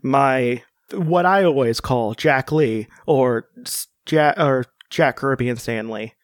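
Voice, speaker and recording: A man's voice: medium pitch, slow pace, no echo, studio quality. A man co-hosting a casual comic-book chat, rambling with many fillers and restarts. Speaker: podcast co-host.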